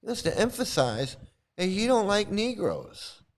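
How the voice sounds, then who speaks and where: Reading quotes aloud at a measured pace, this live streamer has a high, sing-song voice; he mocks them with scorn and sometimes breaks into angry swearing.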